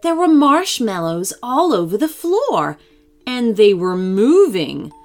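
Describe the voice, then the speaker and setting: Slow, expressive woman storyteller for a children's read-aloud. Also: mid-range voice, faint music behind.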